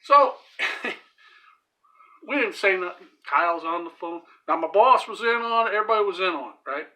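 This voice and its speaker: A man with a bright, forward voice tells a rambling, vulgar anecdote in a home cooking vlog. He swears freely and laughs his way through it. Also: sits high, lively intonation, normal speed. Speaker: home cooking channel host. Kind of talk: crude storytelling while cooking.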